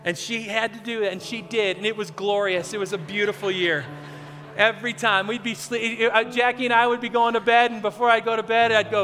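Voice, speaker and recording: A middle-aged man preaching an Easter sermon as a pastor, telling a story earnestly and swinging between loud emphasis and hushed moments. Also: high voice, steady tone, a little fast. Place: large church hall with live band. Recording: reverberant hall with faint band music.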